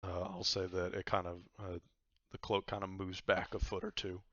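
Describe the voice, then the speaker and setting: A man's voice: deep voice, flat delivery, normal speed, a bit bright, dry recording, dull audio. A man narrating a tabletop game as game master, rambling with lots of fillers.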